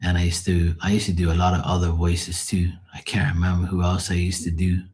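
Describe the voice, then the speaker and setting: A man with a deep, husky voice chatting loosely on a live stream. He tells rambling stories full of swearing and chuckles, with a rough, breathy edge to his speech. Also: completely flat delivery, fairly quick, darkish tone. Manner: profane, storytelling, chuckling. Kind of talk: casual rambling chat.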